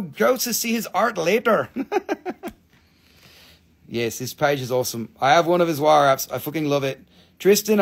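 A man hosting a live crystal sale in a casual, chatty way, swearing freely and reading out viewer comments. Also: on the high side. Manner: stops to count and name items as he shows them. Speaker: live-stream crystal seller. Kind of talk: casual live sales chat.

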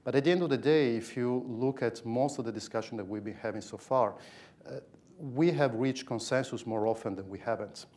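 A man from Italy speaking as a panelist in a policy discussion, talking in a measured, thoughtful way with frequent fillers. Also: mid-range voice, a little mellow.

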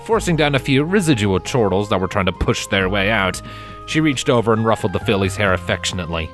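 Deep-voiced male narrator, steady storytelling, faint music underneath. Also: brisk. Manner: steady storytelling, dramatic at tense moments. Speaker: fanfiction reader. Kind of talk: audiobook narration. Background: background music.

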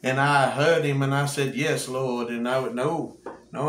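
A man's voice: medium pitch, fairly even intonation, unhurried, a bit bright. A man, a cowboy church preacher telling a folksy testimony with frequent laughs. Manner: folksy storyteller, laughs often. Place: church room. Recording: echoey room with faint hum.

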